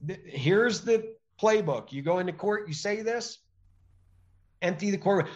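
A man speaking as a podcast guest, emphatic and animated, often acting out little exchanges as he explains. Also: high voice, a little slow, muffled recording. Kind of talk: conversational interview.

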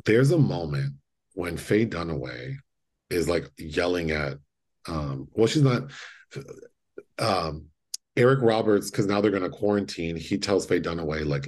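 A man co-hosting a podcast, retelling movie scenes in a casual, animated way and acting out the lines. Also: low voice, a little slow, slightly rough. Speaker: podcast co-host. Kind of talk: casual chat.

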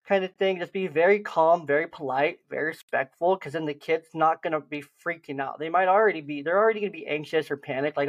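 A young man co-hosting a podcast, chatting casually and acting out gentle reassuring lines to a lost child. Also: fairly high pitch, quick pace, few pauses. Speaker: podcast host. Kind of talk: casual chat.

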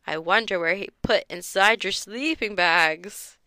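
A woman's voice: mid-range voice, measured pace, pushed and bright, no echo. A woman reading a storybook and voicing a friendly, teasing father who likes to spook the children.

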